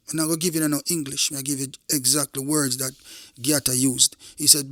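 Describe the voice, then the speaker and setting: A middle-aged man with a Jamaican accent tells his story in an intense, emphatic way, with a voice that sits a little high and sounds forceful and sharp. He keeps repeating himself and turns to address his listeners directly. The recording is dry and close. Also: fairly even intonation, brisk, no echo. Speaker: former police officer. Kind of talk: first-person recounting of a true event.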